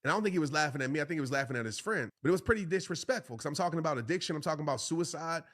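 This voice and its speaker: A man's voice: on the high side, animated, racing, a bit bright. A man hosting a motivational podcast, preaching to listeners in an emphatic voice and repeating phrases for stress. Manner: addresses listeners directly as "y'all" and "bro". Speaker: podcast host and motivational speaker.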